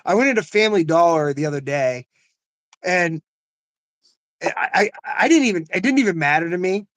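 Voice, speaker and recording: A man's voice: high-pitched, expressive, normal speed, fairly bright tone, no echo. An older man in casual conversation, telling stories earnestly with frequent "you know what I mean" asides. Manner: laughs often. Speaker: host.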